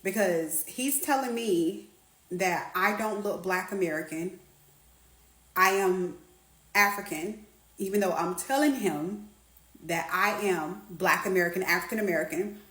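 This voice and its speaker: A woman's voice: mid-range voice, measured pace, a bit bright. Defiant woman in an echoey room. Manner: defiant, indignant. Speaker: social media commenter. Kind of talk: heated casual monologue.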